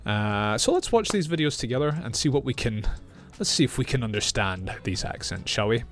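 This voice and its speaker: A man from Scotland with a Scottish accent, speaking clearly and slowly as an English teacher reacting to clips. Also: medium pitch, animated, fairly bright tone, faint music behind. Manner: clear, slow and friendly teaching. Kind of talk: reaction video lesson.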